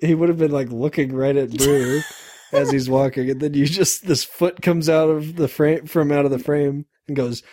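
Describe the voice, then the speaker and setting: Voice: medium pitch, fairly even intonation, normal speed, mellow, no room sound. A podcast co-host in casual comedic chat, joking, swearing and laughing often. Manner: laughs often, playful and profane.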